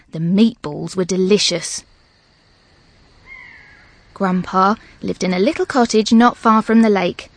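A woman narrating a children's audiobook in a lively, expressive way. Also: medium pitch, no room sound.

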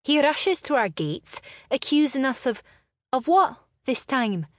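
A woman voicing a sharp-tongued, defiant young noblewoman in a storybook reading. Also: high-pitched, big pitch swings, no echo, studio quality, pitched above the performer's own voice. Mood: defiant, mocking. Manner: scornful, quick, mocking.

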